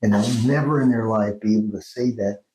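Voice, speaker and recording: Low-voiced man, reflective, in a roomy space. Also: darkish tone. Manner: thoughtful, explains slowly, acts out phrases in different tones. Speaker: guest, Jungian dream therapist. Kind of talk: reflective interview talk. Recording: roomy echo.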